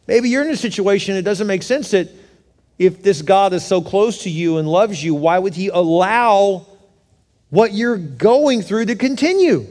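A man preaching a sermon in a conversational way, rising to loud pleading and dropping to soft reassurance. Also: high-pitched, animated, normal speed. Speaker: pastor. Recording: long reverb of a large hall.

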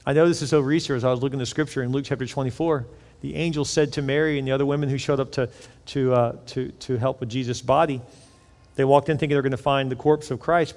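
A man's voice: on the high side, in a large hall. A male pastor preaching a sermon, acting out people's inner voices as his volume swells and drops. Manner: preaching with acted-out inner voices, rising and falling in loudness.

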